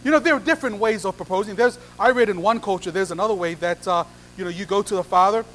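A man's voice: high-pitched, quick pace, fairly bright tone, a little hiss or hum, low-quality recording. A man preaching a sermon, acting out little conversations and repeating phrases for emphasis. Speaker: pastor.

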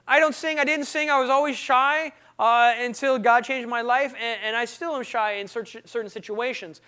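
A man sharing his testimony with students in an animated storytelling talk, often asking the audience questions. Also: extremely high pitch, moderate pace, clear, resonant tone.

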